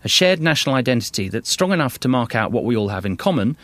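A man from London presenting a radio documentary, scripted narration in a measured, wry way. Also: mid-range voice, big pitch swings, fairly bright tone, no room sound.

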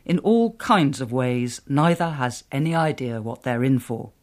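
A man's voice: mid-range voice, lively intonation, unhurried. Male radio book show host. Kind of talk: scripted presenting.

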